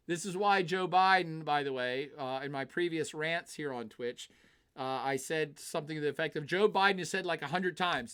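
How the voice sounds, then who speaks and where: A man giving casual live-streamed political commentary, chatty and animated, reading viewer comments and acting out quoted nations. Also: on the high side, normal speed, clean tone.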